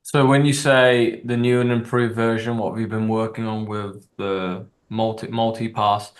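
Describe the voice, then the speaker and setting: A man in a class asking a halting question to check his understanding. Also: fairly low pitch, level tone. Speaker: class participant.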